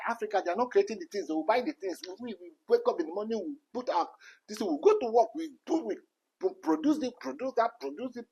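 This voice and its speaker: A man's voice: a little high, a little mellow, husky, rough recording. A Nigerian man giving an impassioned rant, full of repeated phrases and rhetorical questions. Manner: repetitive, rhetorical questions, emphatic.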